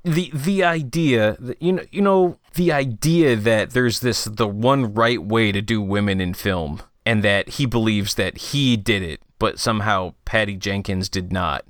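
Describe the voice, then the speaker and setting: A man co-hosting a podcast, ranting in casual chat, his voice jumping high when he is exasperated. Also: measured pace, hardly any pauses, no echo, studio quality. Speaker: podcast co-host.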